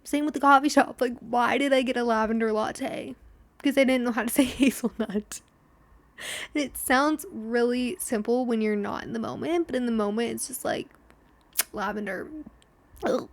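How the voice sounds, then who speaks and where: A woman's voice: a little high, normal speed, vocal fry. A young woman hosting a podcast, telling a story in a chatty, self-deprecating way and acting out the lines of the people in it. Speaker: podcast host. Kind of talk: casual solo storytelling.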